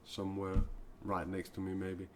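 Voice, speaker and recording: Low-voiced male spiritual speaker, halting and heartfelt, live-stream monologue. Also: completely flat delivery, darkish tone, a little hiss or hum. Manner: earnest, confessional, halting. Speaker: self-described mystic and spiritual speaker. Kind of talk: improvised live-stream talk.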